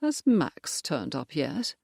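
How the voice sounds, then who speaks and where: A man's voice: on the high side, wildly swooping pitch, slow pace, creaky, darkish tone, breathy edge, no room sound, clean studio sound, heavily acted. A narrator voicing a young man, a frank, plain-spoken former soldier, in an audiobook. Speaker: character in an audiobook. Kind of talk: audiobook character voice.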